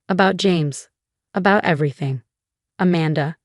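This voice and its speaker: A woman reading a scripted first-person story in an even, measured way. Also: on the low side, no echo, clean studio sound.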